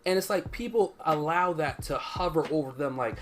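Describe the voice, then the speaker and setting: A podcast co-host speaking bluntly and emphatically in casual chat, swearing freely. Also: male voice, a little high, normal speed, a bit bright, slight background noise.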